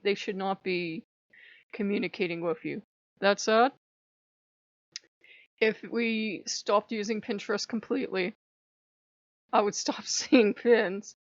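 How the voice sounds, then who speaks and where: A woman talking casually to camera in a lively, frank monologue, swearing often and laughing between thoughts. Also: mid-range voice, no echo, highs cut off. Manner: animated, swearing, laughing asides. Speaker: spiritual vlogger.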